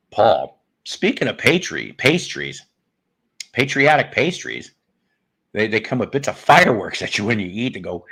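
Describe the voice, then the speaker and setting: A man's voice: fairly low pitch, fairly bright tone, husky. A man hosting a casual live stream, rambling and joking with viewers with crude humor. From northern United States.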